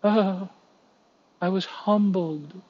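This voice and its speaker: A man putting on a high, melodramatic whine to mock a self-pitying celebrity woman, on a muffled lo-fi recording. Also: very slow, breathy edge, dry recording, heavily acted.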